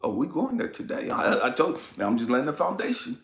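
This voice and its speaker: A man giving an impassioned personal testimony, swinging between hushed whispers and shouted pleas, raw and tearful, swearing freely. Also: a little high, big pitch swings, fast talker, roomy sound. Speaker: spiritual vlogger.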